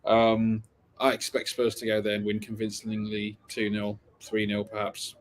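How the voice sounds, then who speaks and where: A man on a casual football podcast giving measured match predictions. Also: fairly low pitch, completely flat delivery, a little hiss or hum.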